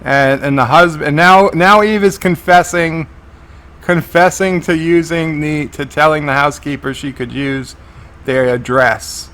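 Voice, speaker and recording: Man, live episode reaction, bright forceful tone, describes the action as it happens, frequent restarts. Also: a little high, steady tone, unhurried. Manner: narrates scenes as they play, with frequent restarts. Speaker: TV episode reviewer.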